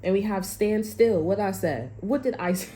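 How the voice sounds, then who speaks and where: Medium in pitch and mellow, this woman speaks at a normal pace while giving her viewers an easygoing tarot reading. She cusses freely, chats, and works through fillers and restarts.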